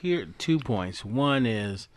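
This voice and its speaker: A man's voice: mid-range voice, animated, takes it slowly, dry recording. A man co-hosting a wrestling podcast, confidently laying out his predictions in casual chat. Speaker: podcast co-host.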